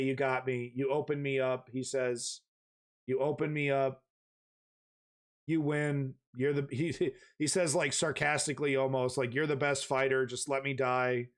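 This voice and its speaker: A man hosts a live news commentary stream in an everyday mid-range voice. He rambles, repeats himself and restarts his sentences, then presses his points with emphatic asides and the occasional curse. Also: medium pitch.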